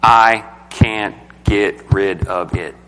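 A man's voice: fairly low pitch, fairly even intonation, very slow, pushed and bright, in a large hall, faint music behind. A man teaching a group Bible study in a casual, emphatic way, often asking the group questions.

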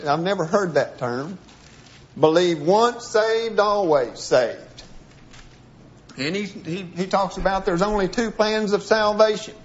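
A man teaching a sermon-style Bible lesson, reading passages aloud and then breaking them down piece by piece with frequent restarts. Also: high voice. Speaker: preacher. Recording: dull lo-fi recording.

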